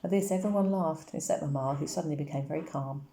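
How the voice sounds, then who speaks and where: Low, gravelly woman reading a novel. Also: quick pace. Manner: steady, even storytelling. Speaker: audiobook reader. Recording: roomy echo.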